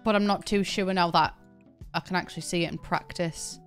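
A woman's voice: lowish voice, steady tone, brisk, faint music behind. A young British woman in casual live-stream chat while she plays, rambling, laughing often and swearing offhand. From Britain. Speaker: game streamer.

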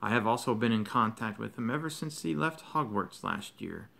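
A man's voice: fairly low pitch, expressive, moderate pace, creaky, bright, forceful tone, heavily acted. A man reading as a grave old headmaster. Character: wise old male headmaster, calm and grave. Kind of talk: reading a novel aloud.

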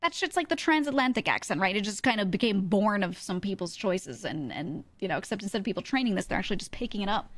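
A woman streaming from home, chatting casually and thinking out loud as she goes. She rambles, restarts sentences and leans on fillers, in a voice of ordinary pitch. The close mic sounds dry, with no room behind it. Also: lively intonation, fast, few pauses, no echo.

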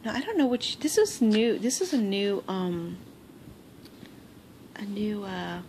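A crafting vlogger records a casual unboxing on her phone at home in her bedroom, bursting with excitement, gasping and laughing a lot as she unwraps gifts. She speaks slowly at a medium pitch, and the audio is noisy.

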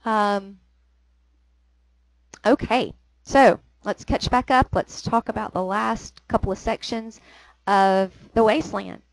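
A woman's voice: medium pitch, fairly even intonation, slow, pauses often, dry recording, poor audio. A woman teaching a literature lesson, explaining lines of a poem with frequent "um"s. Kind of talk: recorded lecture.

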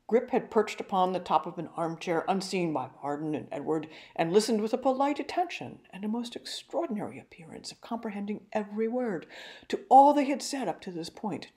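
An older woman giving a carefully read, measured talk on a novel. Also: lowish voice, darkish tone. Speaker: literary talk presenter.

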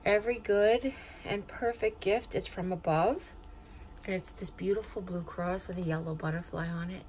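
A woman's voice: on the low side, fairly even intonation, normal speed, a little mellow, a little hiss or hum, poor audio. A middle-aged woman chatting casually at home as she opens and reads fan mail, sentimental and talkative. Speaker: vlogger opening fan mail. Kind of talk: casual unboxing chat. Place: home, indoors.

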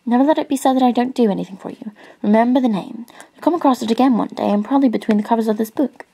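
A woman voicing a pompous, eccentric old great-uncle in a soft-spoken storybook reading. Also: on the high side, rapid-fire, gravelly, breathy edge.

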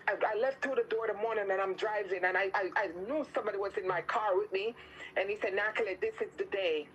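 A woman's voice: medium pitch, fairly bright tone, a little hiss or hum, low-quality recording. A woman with a Jamaican accent sharing her healing testimony, then praying with rising fervor. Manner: fervent, repetitive, rising into commanding prayer.

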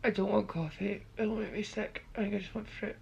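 Young woman vlogging while sick, gravelly voice, rambly and open, faint noise behind. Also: medium pitch, steady tone, brisk, muffled recording. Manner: chatty, rambling, candid. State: feeling unwell. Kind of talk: casual vlog talking to camera. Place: hotel room.

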